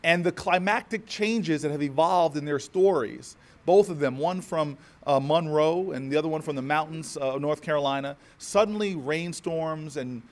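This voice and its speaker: A man's voice: on the high side, moderate pace, few pauses. A man from New Jersey giving an inspirational keynote speech, oratorical with rhythmic repetition and humorous asides. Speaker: keynote speaker.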